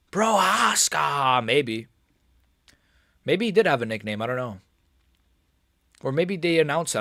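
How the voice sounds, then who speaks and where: A young man hosting a live fight watch-along stream, reacting casually and swinging between nervous mumbling and excited shouting. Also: medium pitch, no room sound, studio quality.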